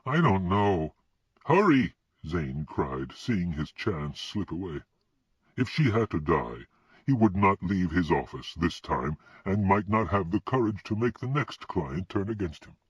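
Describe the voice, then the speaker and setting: A man reads a fantasy novel aloud in an expressive way. His voice is low and husky with a lively lilt. It is a dry, dull, lo-fi recording. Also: a little slow, dry recording. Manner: expressive reading. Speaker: audiobook narrator. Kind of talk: scripted narration.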